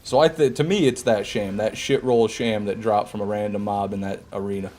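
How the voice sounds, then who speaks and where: A man's voice: fairly low pitch, fairly even intonation, a little fast, a little mellow. Joking American man streaming a game. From United States. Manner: joking, swearing, breaks into laughter. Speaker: gaming streamer. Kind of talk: live gameplay commentary, chatting with viewers.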